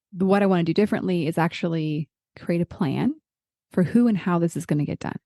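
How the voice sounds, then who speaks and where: A middle-aged woman leads a casual group call in a low, mellow voice. She sounds encouraging and chatty, and she thinks aloud as she talks. The sound is dry and close. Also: no room sound. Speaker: podcast host leading a group call.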